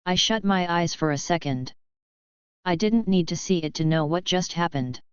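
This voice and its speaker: A woman narrating a first-person story as an audiobook reader, in a slow, even reading. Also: on the low side, smooth, no echo, lo-fi sound.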